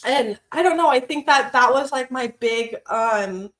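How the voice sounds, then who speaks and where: An animated woman co-hosting a podcast, her voice sitting a little high. She tells a personal story in casual chat, acts out what people said and swears freely. The room around her echoes. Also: measured pace. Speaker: podcast co-host.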